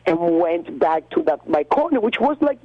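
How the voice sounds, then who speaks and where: A woman from Cuba, a radio guest, recounting an encounter in an animated, halting way with many restarts and fillers. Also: fairly low pitch, dry recording, lo-fi sound. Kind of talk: phone-in storytelling.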